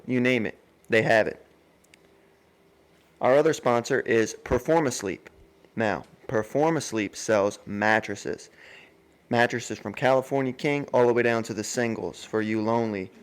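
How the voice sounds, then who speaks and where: An American man co-hosting a podcast, reading sponsor spots and explaining loosely with a joking tone. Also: medium pitch. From United States. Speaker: podcast co-host. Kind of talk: casual podcast chat and ad reads.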